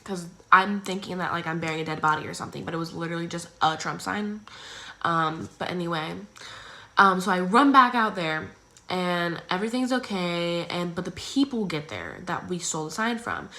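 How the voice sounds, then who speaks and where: A teenage girl telling a personal story in a casual, chatty way, full of "like" and "um", acting out others in squeaky voices. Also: expressive, normal speed, pushed and bright. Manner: acts out others' lines in squeaky exaggerated voices.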